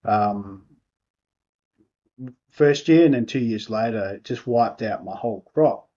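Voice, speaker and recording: Softly spoken Australian man, slightly dull sound. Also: on the low side, a little slow. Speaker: podcast guest. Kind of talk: casual interview chat.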